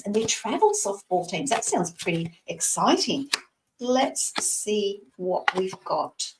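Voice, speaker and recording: Scottish-born psychic woman in her 60s, reassuring live card reading, roomy sound from a distant mic. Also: medium pitch. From Scotland. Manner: warm, reassuring, talks to the asker by name. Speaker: psychic reader.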